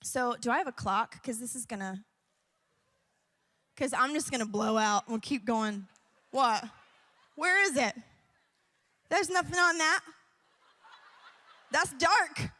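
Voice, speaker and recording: A woman's voice: high voice, lively intonation, slow, long pauses, pushed and bright, in a large hall. A young woman worship leader giving a chatty, rambling church talk, laughing often and using many fillers. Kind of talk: sermon-like personal talk. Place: church event.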